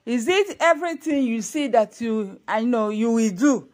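A woman's voice: on the high side, lively intonation, normal speed, darkish tone. A woman with a Nigerian accent, giving earnest, preachy commentary to the camera as a vlogger, often adding "you know" and "eh?".

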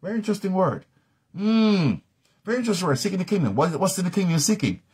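A man's voice: sits high, animated, fast, a little mellow, husky. A middle-aged man teaching a live-streamed Bible study in an emphatic, repetitive, preacherly manner.

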